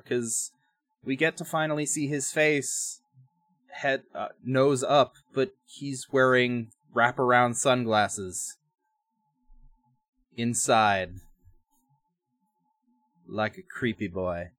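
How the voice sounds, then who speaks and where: A man's voice: medium pitch, takes it slowly, fairly bright tone, no echo. A man co-hosting a podcast, recapping an episode in casual chat, rambling with restarts and wry asides. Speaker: podcast co-host.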